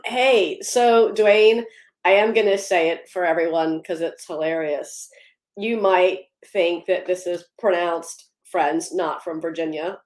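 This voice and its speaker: A woman's voice: on the low side, a little mellow, roomy sound. A woman hosting a casual livestream, upbeat, greeting viewers by name and laughing easily between policy updates. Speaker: livestream host.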